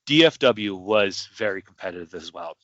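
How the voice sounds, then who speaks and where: A man's voice: low-pitched, expressive, normal speed, fairly bright tone, dry recording. Hesitant man talking on a lo-fi podcast. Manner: rambling, hesitant, with frequent fillers and restarts. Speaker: podcast host. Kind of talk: casual podcast chat. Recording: dull lo-fi sound.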